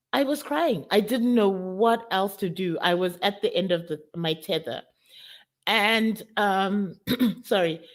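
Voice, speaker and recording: A woman from South Africa gives a candid, emotional personal testimony to an online summit audience. Her voice sits at a medium pitch for a woman. She speaks directly to her listeners, often calling them guys. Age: adult with college-age daughter.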